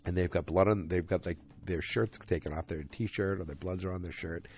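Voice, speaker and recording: A man's voice: deep voice, fairly even intonation, brisk, a little mellow. A tired man hosting a podcast, recapping an episode in a rambling, casual way full of restarts and fillers. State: tired, yawning. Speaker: podcast host.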